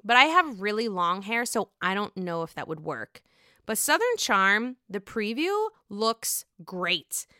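A young woman chatting excitedly about reality TV as a solo host, swearing freely. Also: mid-range voice, unhurried, clean tone, dry recording, clean studio sound. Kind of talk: casual solo commentary.

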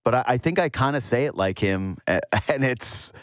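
A man hosting a sports radio show talks at a moderate pace, with no room sound in the recording. He's animated and casual, rambling as he thinks aloud and imitating quotes in a higher pitch.

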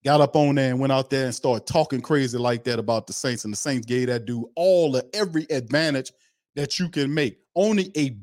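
A man's voice: medium pitch, brisk, a little mellow, no room sound. A man runs his own sports talk show, his mid-range voice coming through dry and close. He is blunt and fired up, hammering the same point over and over and breaking into laughs between remarks. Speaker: sports podcast host. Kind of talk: casual opinion commentary.

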